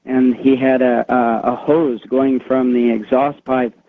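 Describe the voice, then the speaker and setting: A man's voice: medium pitch, little pitch movement, measured pace. Man caller on a tinny phone line. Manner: rambling storytelling with many fillers. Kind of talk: telling a ghost story on a call-in show.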